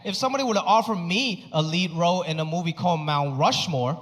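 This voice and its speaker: A man with a fairly high voice performs stand-up on a comedy stage. His delivery is animated, and he jumps his pitch around to act out the people in his stories. The sound carries a long hall reverb and clear crowd noise behind it. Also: fast. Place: comedy stage before a live audience.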